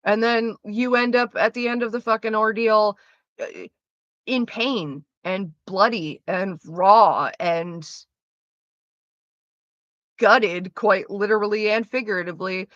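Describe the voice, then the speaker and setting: A young woman talking candidly in a casual chat, blunt and animated, swearing freely. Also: medium pitch, slow, dry recording, muffled recording. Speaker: streamer.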